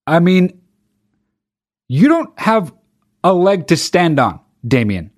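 A man's voice: sits high, sing-song, slow, darkish tone. A man hosting a comedy commentary show, reading a news article aloud and reacting with sarcastic, profane disbelief. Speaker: show host.

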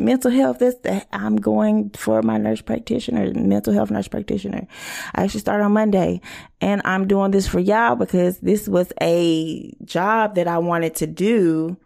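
A woman's voice: mid-range voice, vocal fry, a little mellow. A woman hosting a casual podcast, blunt and profane, acting out quoted arguments. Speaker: podcast host.

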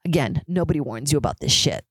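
Very animated and fast-talking, a young woman with a slightly rough voice hosts a casual solo podcast with no echo. She's chatty, swears, peppers her speech with "like," and imitates others in high, squealing tones.

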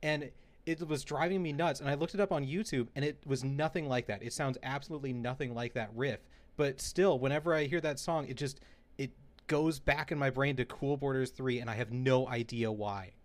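A man hosting a casual podcast chat, telling stories in an animated way and laughing often. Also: medium pitch, brisk. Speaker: podcast host.

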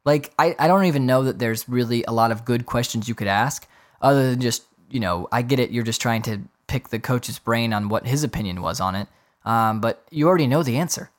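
Podcast guy ranting, swears a lot, fed up, mid pitch voice, mocks people in silly voices. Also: fairly quick. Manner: exasperated, profane, mocks others in put-on voices. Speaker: podcast host. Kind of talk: casual solo rant.

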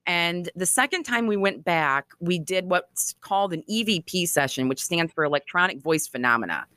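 A woman author being interviewed, telling stories in a chatty, animated way with frequent laughs. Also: lowish voice, normal speed, no room sound, studio quality. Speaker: author and guest. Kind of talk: conversational storytelling interview.

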